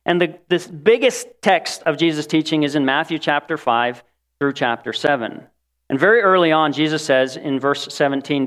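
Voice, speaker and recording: A man preaching a sermon in an animated way, acting out the voices of the people he quotes. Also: on the high side, moderate pace.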